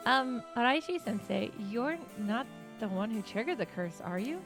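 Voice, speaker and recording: Woman as a polite young student heroine in a game, courteous, fairly high voice. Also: animated, moderate pace, over music. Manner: polite, pleading.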